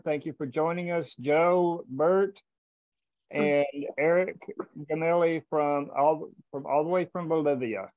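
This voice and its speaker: Give me an enthusiastic man hosting a casual chat over a dull video call, mid-pitched, stumbling and repeating words. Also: dry recording. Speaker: podcast host tasting bourbon. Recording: dull, lo-fi sound.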